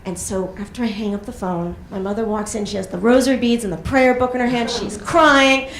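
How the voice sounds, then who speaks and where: A woman's voice: fairly high pitch, steady tone, a little fast. A woman doing a stand-up comedy set on a club stage, telling stories in a chatty way with lots of fillers. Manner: chatty storytelling with frequent fillers. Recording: echoey club room, faint noise.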